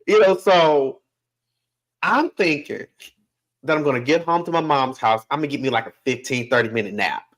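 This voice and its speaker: A man, a podcast guest, telling a family story in a casual, animated way, laughing often and acting out other people's voices. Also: mid-range voice, moderate pace, low-quality recording.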